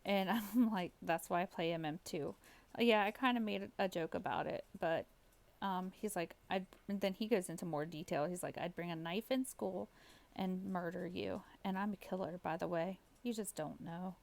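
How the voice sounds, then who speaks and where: A woman's voice: lowish voice, moderate pace, creaky. A woman teacher casually recounting an online chat, reading out the messages. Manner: reads out chat messages, often laughing. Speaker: teacher telling a story. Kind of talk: casual storytime vlog.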